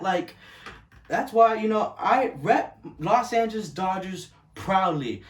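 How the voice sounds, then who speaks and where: A man in his early twenties, swearing constantly as he rants casually about sports loyalty and gets loud and heated. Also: sits high, far from the mic. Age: 20s. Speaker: vlogger. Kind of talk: casual ranting monologue. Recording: echoey room, voice off-mic.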